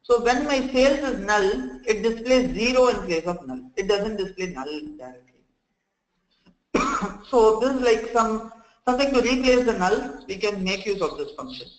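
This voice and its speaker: A man running a live software training session, explaining step by step, often saying "okay" and "friends" and restarting sentences. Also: high voice, lively intonation, moderate pace, roomy sound, rough recording.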